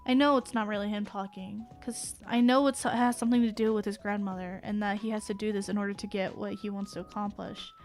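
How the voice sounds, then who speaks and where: A woman's voice: medium pitch, steady tone, fast talker, hardly any pauses, soft background music, natural voice. A woman streamer voicing an earnest, understanding teenage schoolgirl in a direct, pleading way.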